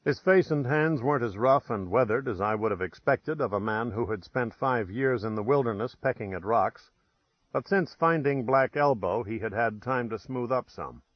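A man's voice: mid-range voice, normal speed, no room sound, highs cut off. Man narrating a wry first-person tale. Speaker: audiobook narrator.

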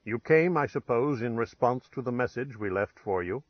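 A man's voice: medium pitch, expressive, normal speed, no echo, lightly acted. A stern, exacting detective, played by a male narrator, who talks in careful, formal phrases with a severe edge. The recording is dry and somewhat muffled, like an audiobook booth. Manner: severe, precise, formal diction.

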